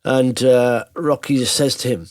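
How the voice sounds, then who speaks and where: A man's voice: mid-range voice, steady tone, a little slow. A man hosting a podcast, giving an emphatic casual monologue with rhetorical questions. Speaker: podcast host.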